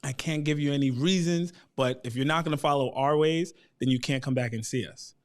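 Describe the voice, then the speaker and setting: A man in his thirties as a guest, telling a personal family story in a lively way and acting out the voices of the people he quotes. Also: fairly high pitch, a little fast. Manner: animated, acts out quoted voices.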